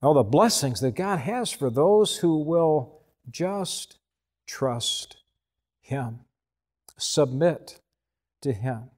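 A man preaching a sermon, earnest and unhurried, repeating words and pausing between phrases. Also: on the high side, expressive, a little mellow. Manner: slow, earnest preaching with repetitions and pauses. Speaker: pastor.

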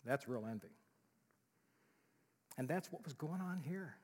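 A male pastor preaching a sermon in an animated way, dropping to a hush and rising loud again. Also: on the high side, a little slow. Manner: animated, swings from loud to hushed, acts out quotes. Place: church sanctuary. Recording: long reverb of a church hall.

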